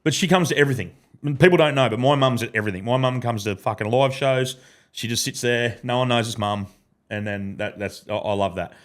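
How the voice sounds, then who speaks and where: A man's voice: medium pitch, brisk. An Australian man hosts a podcast from a studio in casual chat. He tells stories in a looping, sweary way, stopping and restarting mid-thought. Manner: swearing, rambling storyteller with frequent restarts. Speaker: podcast host and comedian.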